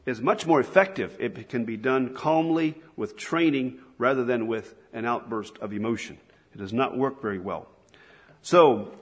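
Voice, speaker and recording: A middle-aged man preaching a sermon to fathers in an earnest, conversational way, often restarting his sentences. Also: mid-range voice. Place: church hall. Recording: husky voice in a long-reverb hall.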